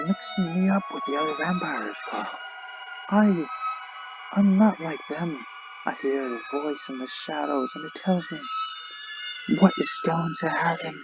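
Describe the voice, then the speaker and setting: A man voicing a sinister male vampire interrogator, speaking slowly and theatrically, dropping to whispers and swelling again. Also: a little high. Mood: persuasive. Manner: slow, theatrical, swinging between whispers and swells. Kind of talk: reading game dialogue aloud in character.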